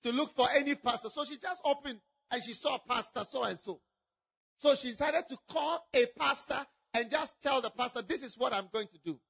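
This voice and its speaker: A man preaching an impassioned sermon, with fervent, repetitive appeals and frequent shouting. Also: very high voice, normal speed, gravelly, breathy edge. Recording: dull lo-fi recording.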